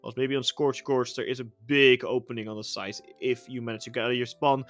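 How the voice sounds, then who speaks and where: Bright-voiced male esports caster. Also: medium pitch, brisk, few pauses, faint music behind. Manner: energetic, rises loud during action. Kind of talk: play-by-play esports commentary.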